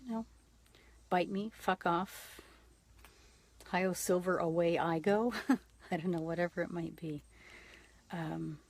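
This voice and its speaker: A woman's voice: sits low, darkish tone, breathy edge. A woman in her fifties hosting a casual livestream, talking frankly and profanely straight to her viewers. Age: 50s. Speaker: livestream host.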